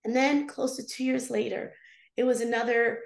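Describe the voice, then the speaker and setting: A woman with a high, bright-pitched voice tells a personal story in a podcast interview. She is animated and expressive, leaping up in pitch when she acts out what she said. The sound carries a roomy echo. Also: moderate pace, gravelly. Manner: animated, acts out her own past dialogue with big pitch jumps. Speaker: guest, prophetic intercessor.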